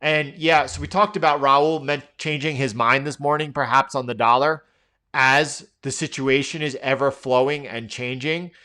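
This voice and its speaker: Middle-aged guy live streaming forex charts, bright crisp voice, lots of uh and you know. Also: medium pitch, steady tone, normal speed. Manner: rambling, thinking aloud with many fillers. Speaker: trading stream host. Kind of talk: live market commentary.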